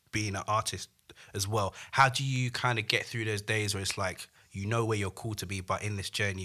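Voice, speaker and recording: Podcast host, low and bright voice, keeps saying yeah. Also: male voice. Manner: encouraging, frequent "yeah yeah" backchannels. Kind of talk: casual interview chat.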